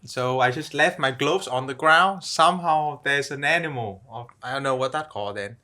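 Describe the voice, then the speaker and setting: Bright-voiced tour guide man, halting English. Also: mid-range voice. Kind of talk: casual chat.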